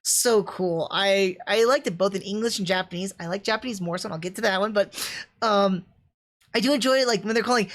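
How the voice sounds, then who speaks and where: A young woman talking through an anime review on a livestream, excited and chatty, with lots of fillers and restarts. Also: mid-range voice, fast.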